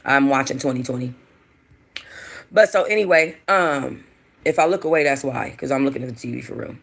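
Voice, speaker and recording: A woman hosting casual gossip commentary about reality TV, chatty, animated and profane. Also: extremely low pitch, a little fast, creaky, slightly rough. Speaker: host.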